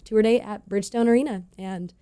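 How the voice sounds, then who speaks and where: A woman's voice: medium pitch, fairly quick, mellow, clean tone. A woman in her twenties from California, a country singer chatting as a radio guest, bubbly and laughing often. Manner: bubbly, laughs often, acts out quoted voices. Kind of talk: casual interview chat.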